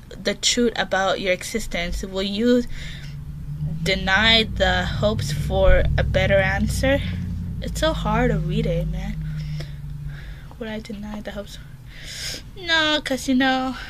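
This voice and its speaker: A woman's voice: a little high, pushed and bright, a little hiss or hum. A woman in her bedroom giving casual horror game commentary, reading questions aloud and answering them in a jumpy, chatty way. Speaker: gaming channel host.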